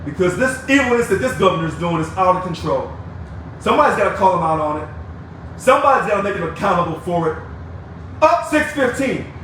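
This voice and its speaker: Speaking in a high-pitched, very animated, brisk voice with a bit of brightness, a union activist rants at members on video, angry and fired up. He's combative and preachy, calling people out and taunting them, captured on a distant, echoey mic with faint noise.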